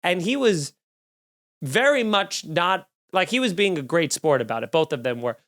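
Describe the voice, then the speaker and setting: A man's voice: fairly high pitch, lively intonation, moderate pace, a bit bright. A young man hosting his own comedy podcast, telling a story with lots of fillers and acted-out quotes. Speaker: podcast host and stand-up comedian. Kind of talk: solo comedic storytelling rant.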